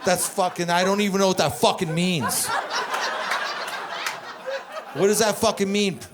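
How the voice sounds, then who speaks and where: A man performing stand-up comedy in a club, telling stories in a profane, animated way and chatting with the crowd. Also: high-pitched, measured pace, heavy background noise. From Canada. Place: comedy club stage with live audience.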